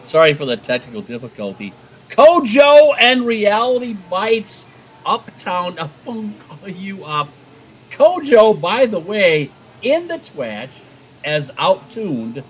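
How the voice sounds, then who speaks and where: A man's voice: a little high, very animated, slow pace, breathy edge, low-quality recording. A man co-hosting a casual livestream chat, rambling and swearing and stumbling over repeated words. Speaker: co-host.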